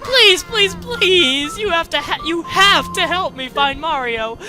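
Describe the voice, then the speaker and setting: A tiny, whiny mushroom retainer squeals in a shrill, squeaky voice that leaps wildly up and down. The reading is over-the-top and pleading. Game music plays loudly behind. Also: male voice, expressive, slow, exaggerated voice. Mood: frantic pleading. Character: small excitable male mushroom retainer, whiny. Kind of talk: reading game dialogue aloud.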